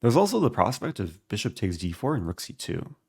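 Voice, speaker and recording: A man streaming live, thinking aloud as he calculates his moves in a relaxed, halting way. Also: fairly low pitch, breathy edge, dry recording, clean studio sound. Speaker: chess streamer. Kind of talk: live-stream game commentary.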